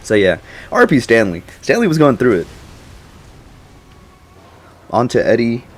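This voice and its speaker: Young man, casual movie reaction, slangy, rambling, laughs a lot, mid-pitched voice. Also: wildly swooping pitch, a little slow. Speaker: YouTuber.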